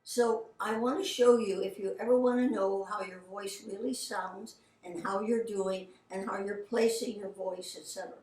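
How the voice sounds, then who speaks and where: A woman's voice: medium pitch, steady tone, moderate pace, hardly any pauses, darkish tone. An older woman, a voice actress, telling anecdotes in a chatty, casual way and quoting the people in her stories. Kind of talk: casual storytelling. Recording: roomy, from a distance.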